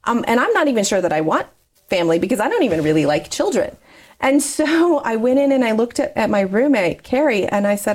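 This interview guest, a woman in her forties, shares her personal life story in a chatty, candid way, laughing frequently. She speaks fairly quickly in a fairly high, slightly mellow voice that swings widely in pitch.

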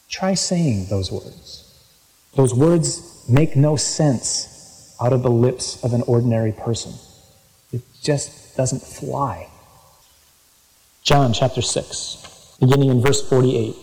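A man's voice: mid-range voice, moderate pace, dark tone. A man preaching a sermon, reading scripture aloud and breaking off with emphatic, incredulous asides. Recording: long hall reverb.

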